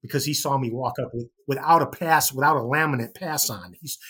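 A man's voice: medium pitch, a little fast, breathy edge. A middle-aged man from Chicago, a podcast guest, telling a story in casual chat and acting out the voices of people he quotes. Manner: animated, acts out quoted voices.

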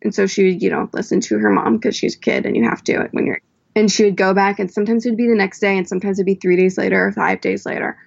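A woman guest on a podcast, chatting casually and telling stories with quick asides. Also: medium pitch, creaky, husky. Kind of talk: casual chat. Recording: dull lo-fi sound.

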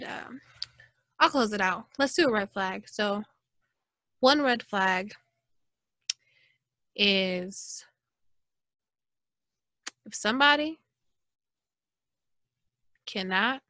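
Woman w/ doing a solo podcast, chatty and animated, bright voice, dry close sound. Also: mid-range voice, drawn-out words, pauses often, no room sound. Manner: chatty and expressive, mock-preaching asides. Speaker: podcast host. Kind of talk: casual solo podcast monologue.

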